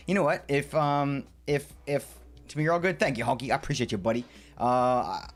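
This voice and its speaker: A man chatting playfully with his viewers while streaming a building game, often jumping into sudden high squeals. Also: moderate pace, soft background music. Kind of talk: live game stream chat.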